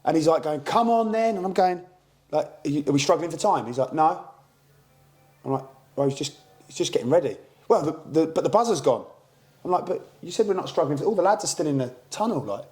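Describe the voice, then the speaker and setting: On a podcast, a British man who is a co-host and football manager chats casually, telling animated stories and acting out quoted exchanges. His voice is a little high, he talks fast, and his accent is British English.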